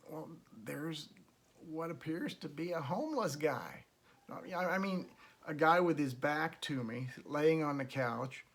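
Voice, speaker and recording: A middle-aged man hosting his own show, telling a story in a casual, animated way and acting out the voices he quotes. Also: a little high. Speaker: host.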